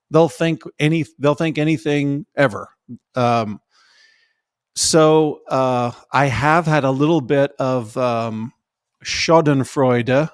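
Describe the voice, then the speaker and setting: Podcast guy, dry close mic, sarcastic and wry, mid pitch. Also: no room sound. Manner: wry, eye-rolling sarcasm. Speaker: podcast co-host. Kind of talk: casual conversation.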